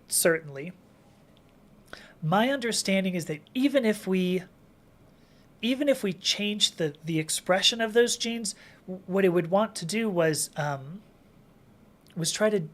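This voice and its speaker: A woman hosting a casual livestream Q&A, chatting and reading viewer comments aloud with frequent laughs and restarts. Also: on the low side. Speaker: livestream host answering chat questions.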